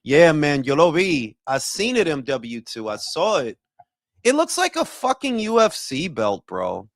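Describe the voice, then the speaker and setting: A man who hosts a boxing talk livestream, chatting casually and profanely and giving shout-outs to his chat. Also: fairly high pitch, huge pitch swings, a little slow, no room sound, studio quality. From Dominican heritage. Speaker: boxing talk show host.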